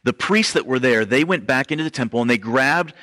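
A man's voice: mid-range voice, lively intonation, a little fast, pushed and bright. A man giving a casual, conversational sermon as a pastor, often saying "like" and "um" as he explains. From Western Europe ancestry only; none. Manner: conversational, filler-heavy, says "like" often.

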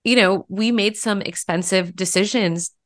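A woman's voice: mid-range voice, unhurried. A woman podcast host coaching her guest through a conversation, reassuring, and she laughs often.

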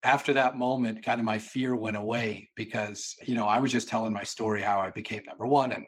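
Animated storytelling man from Boston. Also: on the low side, fairly quick, slightly rough. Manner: animated storyteller who acts out quotes. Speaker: sales consultant and guest. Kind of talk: storytelling in a podcast interview.

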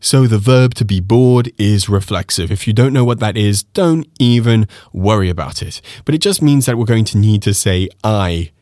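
A man teaching French pronunciation on a podcast, lively and animated, slowing down to repeat phrases for the listener. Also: on the low side, no echo, clean studio sound.

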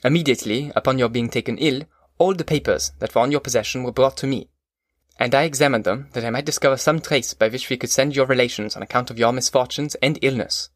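A man voicing a kindly but stern middle-aged magistrate in an audiobook, formal and measured. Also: mid-range voice, dry recording, clean studio sound, lightly acted. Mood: explaining. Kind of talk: audiobook character voice.

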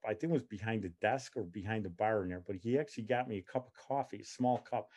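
A middle-aged man telling a personal story in a casual, animated way, acting out what the other people said. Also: lowish voice, quick pace.

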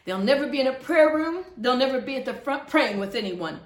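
A middle-aged woman pastor preaching fervently, swinging from loud scolding to hushed earnestness. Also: high voice, lively intonation, a little fast, roomy sound. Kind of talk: preaching to camera.

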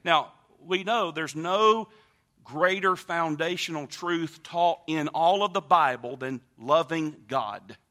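A male pastor preaching a sermon, emphatic, repeating phrases and swinging between loud and quiet. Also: fairly high pitch, slow pace. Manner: emphatic preaching with repetitions and wide swings in loudness.

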